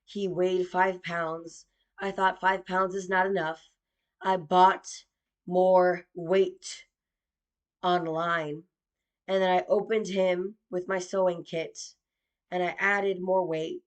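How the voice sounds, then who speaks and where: A woman's voice: fairly low pitch, little pitch movement, slow pace. A woman doing stand-up comedy, swearing freely and mixing in Spanish phrases. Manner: profane, mixes in Spanish phrases.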